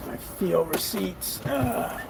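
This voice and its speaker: Male trucker, high-pitched, slow unhurried delivery, tired grumbling vlog talk with sighs. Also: animated, gravelly, noisy background. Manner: weary, grumbling, frequent sighs. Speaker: truck driver. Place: parked truck cab.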